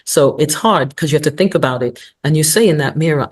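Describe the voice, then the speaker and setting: A woman's voice: sits low, brisk, slightly rough. A woman in her sixties, a guest on an interview show, telling stories and giving motivational advice with frequent laughter. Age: 60s. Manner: lively, laughs often, motivational, storytelling. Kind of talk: casual interview talk.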